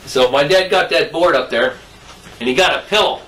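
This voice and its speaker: A man's voice: fairly high pitch, moderate pace, sharp tone. Older man rambling in a roomy space. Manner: rambling, folksy. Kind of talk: casual storytelling. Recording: roomy distant mic, faint noise.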